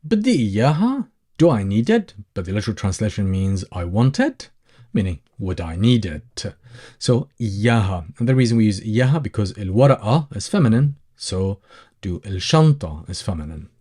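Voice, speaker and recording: A man gives a language lesson in a low voice whose pitch rises and falls a great deal. He explains patiently and says each example phrase more than once. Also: sing-song, quick pace, warm tone, slightly rough. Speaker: Arabic teacher.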